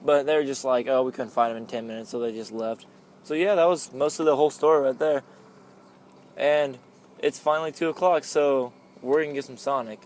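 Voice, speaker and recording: A man's voice: mid-range voice, fairly quick, a little mellow, a little hiss or hum. A young man telling a story among friends in a casual chat, rambling with lots of "like" and laughing often.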